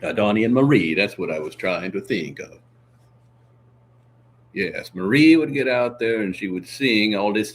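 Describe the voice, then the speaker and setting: A man hosting a livestream chats casually with viewers, jokey and meandering, full of "uh" and asides, sniffling now and then. His low-ish voice is expressive and unhurried, with slight background noise.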